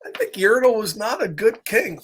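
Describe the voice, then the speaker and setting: A man's voice: high-pitched, big pitch swings, normal speed, fairly bright tone, breathy edge. A man reading a storybook aloud to children, chatting with them and asking friendly questions between the pages.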